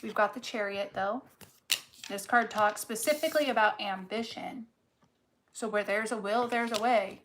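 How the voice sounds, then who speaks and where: A woman's voice: mid-range voice, normal speed, background noise. A woman giving a casual tarot reading, blunt and emphatic, swearing freely and stretching out words for stress. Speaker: tarot reader.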